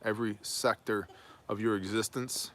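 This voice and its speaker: Emphatic, preachy man with a bright voice. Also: on the low side, fairly even intonation, normal speed. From United States. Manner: emphatic, preachy, wry asides. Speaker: prepper news commentator. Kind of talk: opinionated daily news monologue.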